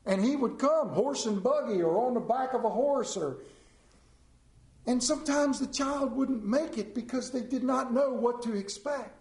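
Middle-aged male preacher, folksy storyteller, high voice, echoey hall sound. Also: moderate pace, darkish tone. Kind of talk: sermon with storytelling.

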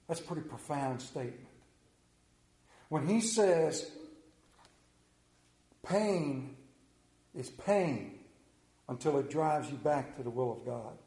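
A middle-aged man preaching a sermon to his congregation, telling stories in an animated way and putting questions to the room. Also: medium pitch, slow, long pauses. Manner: animated storytelling, acts out voices, asks the congregation questions. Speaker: pastor. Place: church. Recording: echoey church room.

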